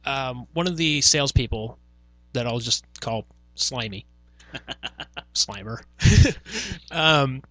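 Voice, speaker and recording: A man's voice: mid-range voice, slow, long pauses, pushed and bright, dry recording. A young man hosting a podcast, telling a rambling, profane work story in casual chat. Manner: profane, rambling, many fillers. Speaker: podcast host.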